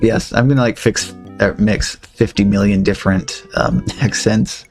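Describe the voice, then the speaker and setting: Gravelly joking game streamer man. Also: fairly low pitch, a little slow, few pauses, soft background music. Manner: chatty, joking. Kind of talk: let's-play commentary.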